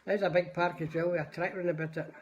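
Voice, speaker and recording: An older Scottish man with a high-sitting voice talks fast and flatly, spinning rambling stories on a livestream and greeting viewers by name. The audio sounds dull.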